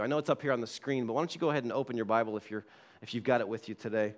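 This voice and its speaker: A man's voice: mid-range voice, steady tone, racing. A man pastor preaching a sermon in a church, reading scripture aloud and repeating key words for emphasis. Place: church sanctuary.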